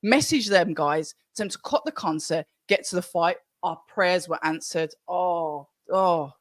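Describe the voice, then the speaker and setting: A woman hosting a live fight watch-along stream, chatty and excitable, talking straight to her viewers. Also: lowish voice, unhurried, dry recording. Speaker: livestream watch-along host.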